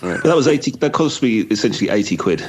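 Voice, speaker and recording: A man's voice: on the low side, animated, fast, breathy edge. A man co-hosting a podcast, chatting casually and dropping dry, brief quips. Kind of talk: casual chat.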